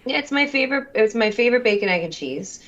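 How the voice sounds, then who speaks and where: A woman's voice: fairly high pitch, expressive, fast, a bit bright, lo-fi sound. A woman with a Long Island accent co-hosting a podcast over a video call, talking expressively and emphatically. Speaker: podcast co-host. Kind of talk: casual chat.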